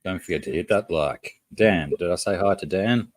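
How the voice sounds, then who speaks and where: A man's voice: low voice, normal speed, no room sound, rough recording. A man with an Australian accent, hosting a casual livestream and greeting chat viewers by name. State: has a headache. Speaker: livestream host.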